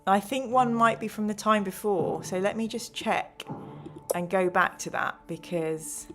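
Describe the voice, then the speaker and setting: A woman leads a gamebook play-through on a live stream, reading the passages aloud and tallying her viewers' votes. She talks at an unhurried pace in a mid-pitched voice, with faint music playing quietly behind her. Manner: chatty, reads aloud, counts votes.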